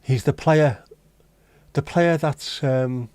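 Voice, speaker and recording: In a mid-range, darkish, smooth voice, a man with a Liverpool (Scouse) accent takes his time as he hosts a casual livestream. He chats bluntly with viewers and swears freely, and the recording is dry.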